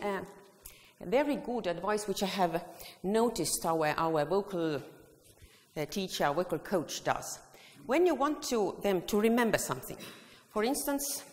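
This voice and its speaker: Woman leading a singing workshop in a hall. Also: mid-range voice. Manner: leads the audience through vocal exercises, often singing phrases. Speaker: choir education presenter. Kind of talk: workshop demonstration with sung examples. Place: large hall. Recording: long hall reverb.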